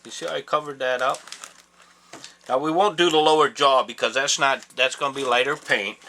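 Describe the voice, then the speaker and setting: A man's voice: mid-range voice, steady tone, a little fast, sharp tone, low-quality recording. A man giving a casual step-by-step craft demonstration in his home workshop, plain-spoken and folksy with rambling asides. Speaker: taxidermy instructor. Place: home workshop with air compressor. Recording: hissy workshop audio, compressor noise. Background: air compressor and spray hiss.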